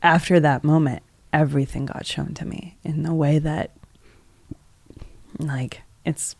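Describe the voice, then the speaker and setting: Earnest gravelly-voiced woman telling a story. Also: sits low, steady tone, unhurried, a little mellow. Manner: heavy use of "like" as filler; earnest, emotional retelling. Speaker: podcast guest, energy healer. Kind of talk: casual personal storytelling.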